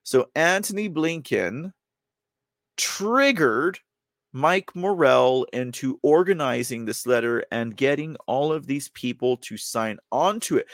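A man's voice: medium pitch, unhurried, no room sound. A man hosting a podcast, giving casual political commentary, rambling with many fillers and reading news excerpts aloud. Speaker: podcast host.

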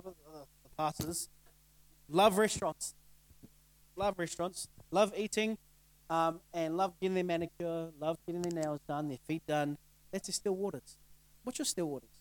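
High-voiced pastor, chatty sermon. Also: male voice, normal speed, no room sound, poor audio. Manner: conversational, laughs often, rhetorical questions. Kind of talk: casual sermon. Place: church.

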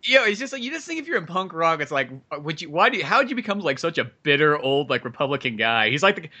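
Casual male podcaster with a bright, forceful voice. Loose delivery, heavy on fillers. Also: fairly high pitch, sing-song, fast. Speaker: podcast co-host or guest. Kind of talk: casual chat.

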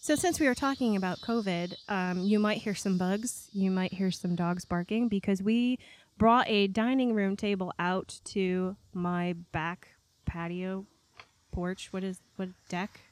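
A woman from New York hosting a casual podcast chat, bubbly and quick to laugh, recorded on a back deck at night. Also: mid-range voice, fairly even intonation. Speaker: podcast host.

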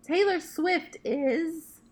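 A woman hosting a casual quick-fire question game with friends, brisk and playful as she reads out each question. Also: extremely high pitch, animated, a little mellow.

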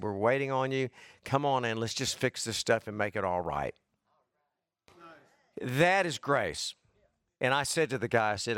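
A man's voice: medium pitch, a bit bright, clear, resonant tone, no room sound. A man preaching a sermon to his congregation, folksy and joking, with asides to the people in the pews. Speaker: pastor.

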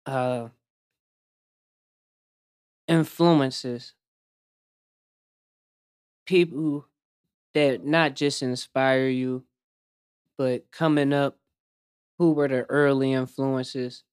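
A man hosting a podcast, asking drawn-out, measured questions. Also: medium pitch, fairly even intonation, darkish tone, smooth, no echo, clean studio sound. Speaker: podcast host. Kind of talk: interview questions.

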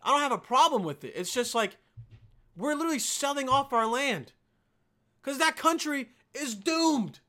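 A man's voice: very high-pitched, moderate pace. A young man from Bosnia hosting a casual solo podcast, ranting with lots of swearing and calling listeners dude. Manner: profane, animated, calls listeners dude and man. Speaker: podcast host.

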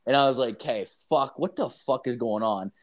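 A man's voice: mid-range voice, brisk. Profane, rambling man telling a story. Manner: rambling, heavy profanity, constant "like" and "dude"; animated, acts out quoted lines. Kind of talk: casual storytelling chat.

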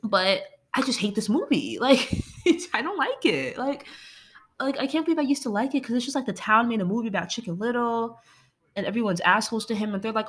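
A woman's voice: a little high, lively intonation, a little fast. A woman ranting casually about a movie she hates, exasperated and swearing freely. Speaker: movie reviewer.

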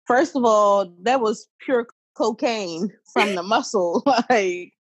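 A woman's voice: medium pitch, takes it slowly, breathy edge, dry recording. A woman co-hosting a podcast in casual chat, blunt and teasing with plenty of swearing. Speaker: podcast co-host.

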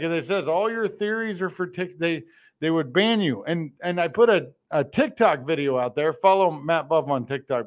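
A male podcast host doing a live political talk monologue, animated and sarcastic, ranting and slipping into mocking impressions. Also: high voice.

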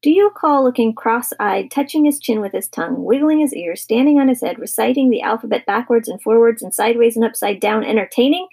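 A woman's voice: fairly high pitch, brisk, gravelly, hardly any pauses, breathy edge. A woman voicing a grumpy, fierce father who is fed up with his son in a storybook reading. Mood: exasperated. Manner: stern, exasperated, shouting.

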